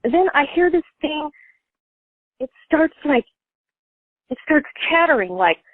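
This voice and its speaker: Calling in over a tinny, thin phone connection, a woman with a high, very animated but unhurried voice rambles through a personal story. Almost every phrase includes "like" or "you know," and the dry recording has no sense of room.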